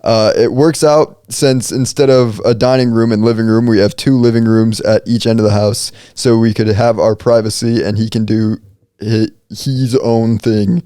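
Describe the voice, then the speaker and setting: A young man co-hosting a podcast, chatting casually and reading posts aloud in a relaxed, deliberate way with hesitant restarts. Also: lowish voice, clear, resonant tone, no echo, clean studio sound. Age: young adult. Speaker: podcast co-host.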